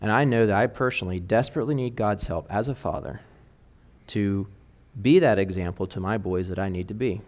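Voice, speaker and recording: Addressing fathers in an earnest sermon, a middle-aged preacher speaks briskly with a fairly low pitch and darkish tone. His delivery is emphatic and full of conviction, and he works in lines from songs.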